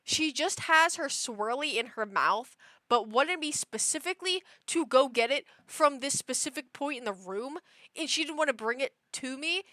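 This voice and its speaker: A woman livestreamer chatting casually, telling stories in an animated, exasperated way with lots of fillers. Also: sits high, moderate pace, dry recording. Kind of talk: casual chat.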